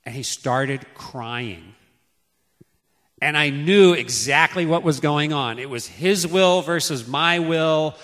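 Man in his fifties, preaching on parenting, anecdotal and animated, in a reverberant hall. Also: on the high side. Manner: storytelling, acts out calls to his children loudly. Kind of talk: sermon on parenting.

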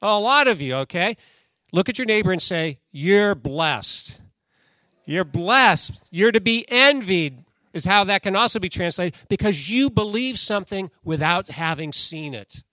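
A man's voice: sits high, expressive, normal speed, pushed and bright, no room sound. A man preaching a sermon in a conversational way, reading scripture aloud and putting questions to the congregation. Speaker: pastor.

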